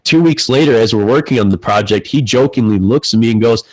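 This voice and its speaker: A man's voice: mid-range voice, fast talker, hardly any pauses, darkish tone, poor audio. A young man telling a candid, emotional personal story as a podcast guest, often repeating words as he gets worked up.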